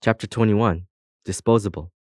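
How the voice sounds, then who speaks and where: A man narrating a children's storybook in a steady, scripted reading. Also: on the low side, normal speed, no echo, clean studio sound. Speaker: audiobook narrator.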